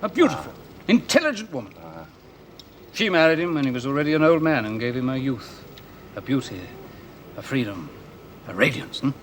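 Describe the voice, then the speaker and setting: A man's voice: medium pitch, big pitch swings, brisk, long pauses, fairly bright tone. A sardonic, envious man. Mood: mocking. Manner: sardonic, mocking, theatrical. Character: bitter middle-aged man, mocking and envious. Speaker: actor in a stage play. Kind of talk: 1970s television drama acting. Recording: old television sound with faint hiss.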